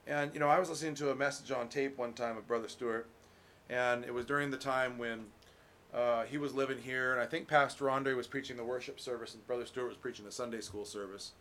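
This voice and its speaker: A middle-aged man preaching a relaxed, conversational sermon as pastor, folksy, full of restarts and "you know.". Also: medium pitch, fast talker.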